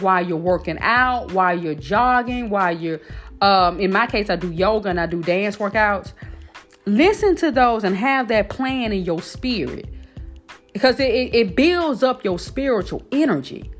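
A woman's voice: mid-range voice, animated, normal speed, faint music behind. A woman hosting a faith podcast, talking straight to her listeners in an emphatic, preaching manner. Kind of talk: casual faith talk, preaching.

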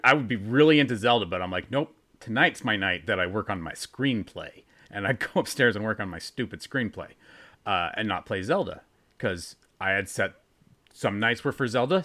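A man's voice: lowish voice, bright, forceful tone. A man in his forties co-hosting a podcast, making wry jokes in casual chat. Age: 40s. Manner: wry, joking. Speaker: podcast co-host.

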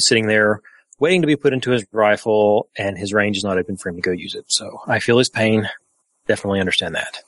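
A man co-hosting a podcast in casual chat, laid-back and quick to laugh at his own slips. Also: on the low side, no echo. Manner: laid-back, self-deprecating, chatty. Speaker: podcast co-host.

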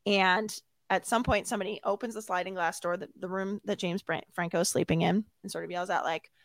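A woman telling a self-mocking story as an interview guest, animated and laughing often. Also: fairly low pitch, brisk, dry recording.

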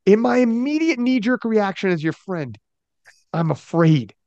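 A man hosting a podcast interview, telling a story in an animated, emphatic way. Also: extremely high pitch, normal speed, dry recording, dull audio. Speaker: podcast host.

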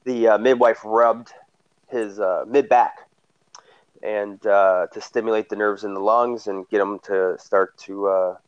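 A man with a fairly low voice tells a story in a casual, animated way. He acts out what others said with sudden loud, high bursts. The recording sounds dull and lo-fi. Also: measured pace, clear, resonant tone. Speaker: guest telling a story.

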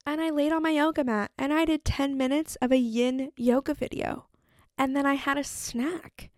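A woman's voice: sits high, steady tone, normal speed, no echo, clean studio sound. A young woman hosting her own solo podcast, talking casually and filling her speech with "like" as she acts out her own thoughts. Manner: chatty, lots of "like" fillers, acts out her own inner voice. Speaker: podcast host.

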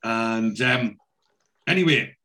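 A man's voice: medium pitch, animated, slow, bright, forceful tone. A man chatting casually, retelling the scenes of a TV episode and swearing freely as he goes. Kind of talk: casual TV episode recap chat.

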